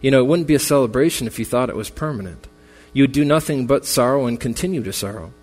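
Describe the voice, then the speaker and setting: A man's voice: medium pitch, animated, fast, darkish tone. A man preaching a memorial sermon as pastor, earnest and consoling, his voice building in intensity. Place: church sanctuary. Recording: long reverb with faint music.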